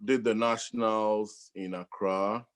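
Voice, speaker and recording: A man's voice: on the low side, takes it slowly. A middle-aged man from Ghana, a DJ and professor, telling stories in a casual interview and laughing often. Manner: laughs often, animated storytelling. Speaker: guest DJ and professor.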